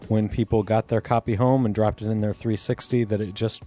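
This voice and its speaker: A man co-hosting a podcast in casual chat, easygoing, explaining things slowly and deliberately. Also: fairly low pitch, flat delivery, dark tone, faint music behind. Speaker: podcast co-host.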